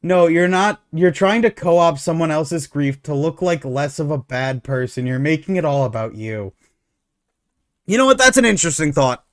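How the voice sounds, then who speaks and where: A male streamer talking through online posts in a lively, sarcastic rant. His voice sits a little high for a man, and the sound is dry and close with no room echo. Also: moderate pace. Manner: animated, sarcastic, opinionated ranting. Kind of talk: casual reaction commentary.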